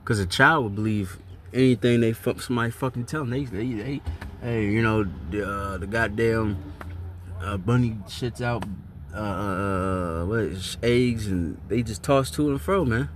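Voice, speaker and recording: A fairly low-voiced man speaking in a loose, profane commentary, reading scripture verses and then reacting with blunt frustration. His talk is scattered with "man" and "bro." A faint hum of vehicle noise sits behind him. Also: normal speed. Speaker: religious commentator.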